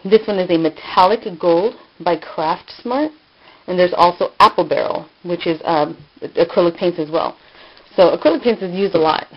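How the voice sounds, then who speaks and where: Chatty woman with a lowish voice on dull lo-fi audio. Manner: chatty and informal, with many fillers and quick self-corrections. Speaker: crafting channel host. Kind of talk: casual hands-on craft tutorial. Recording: dull lo-fi home video sound.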